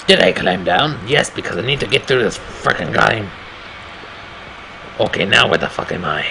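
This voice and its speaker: A man with a raspy voice doing casual commentary on a horror game, reacting with swearing and startled remarks. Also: on the low side, sing-song, moderate pace, sharp tone, a little hiss or hum, poor audio. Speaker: gameplay commentator.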